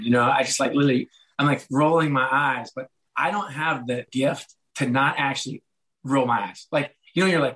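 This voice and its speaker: Male interview guest, mid-pitched, candid and self-deprecating, acts out quoted dialogue in his anecdotes. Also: steady tone, fairly quick, a bit bright, low-quality recording. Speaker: guest, author and former sports executive. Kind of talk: conversational podcast interview.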